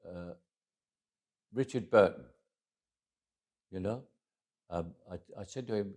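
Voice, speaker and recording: An older Englishman with a London accent tells stories in a relaxed interview. His voice sits very low, and he talks in a wry, anecdotal way, often stopping to restart a phrase before slipping into quoted dialogue. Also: slow. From England. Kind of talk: casual interview storytelling.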